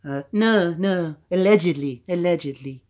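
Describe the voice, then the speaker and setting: A man doing an impression of a soft-spoken male pop star, breathy and giggly. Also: high voice, normal speed, voice pushed up, close to an everyday voice. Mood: protesting.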